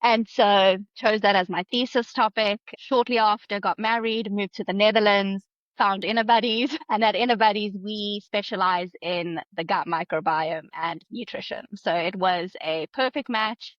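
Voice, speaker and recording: A woman in her thirties with a South African accent explains things in a friendly way and laughs easily. Her voice is dry and slightly muffled, with mid pitch. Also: fairly even intonation, moderate pace, dry recording. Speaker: guest, dietitian. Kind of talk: podcast interview.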